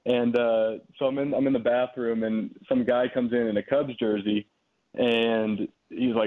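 A man in his twenties, a former pitcher, telling stories in a relaxed way with plenty of fillers. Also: normal speed. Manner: relaxed storytelling, frequent fillers. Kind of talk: casual phone interview. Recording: tinny phone line.

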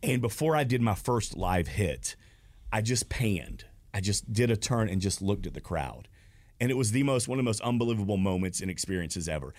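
Expressive, emotional male guest storyteller. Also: lowish voice, fairly quick. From Georgia, USA. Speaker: guest, stadium announcer. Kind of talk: casual chat.

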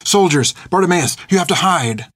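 A man's voice: mid-range voice, animated, moderate pace, husky. A man voicing a young orphan girl, fierce and desperate, pleading in a raised voice. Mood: urgent.

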